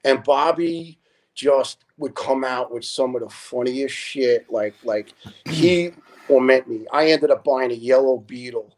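A man, a retired firefighter telling lively stories as a podcast guest and acting out the people in them. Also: a little slow. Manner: animated storyteller who acts out quoted people with big pitch jumps. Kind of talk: storytelling in a podcast interview.

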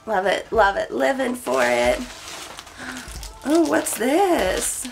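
A woman's voice: sits high, animated, slow pace, gravelly, faint music behind. A young woman vlogging an unboxing, gushing with squealing exclamations and chatty asides, her voice cracking. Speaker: YouTuber. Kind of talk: excited unboxing vlog.

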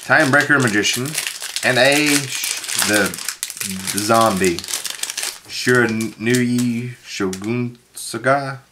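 A woman with an unusually deep, low voice tells a meandering story between reading card names. The recording is noisy, with wrappers crinkling and clicking close by. Her talk is loose and casual. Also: slow. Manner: rambling storyteller, reads card names aloud. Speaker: card pack opener, co-host. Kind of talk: casual chat while opening card packs.

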